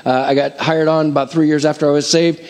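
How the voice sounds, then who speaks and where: A middle-aged man preaches to his congregation, his voice high for a man. He rattles off numbers fast like an auctioneer, then settles into steady teaching. The sound rings with the long reverb of a church hall. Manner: energetic, rapid counting like an auctioneer. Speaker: pastor. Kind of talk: sermon.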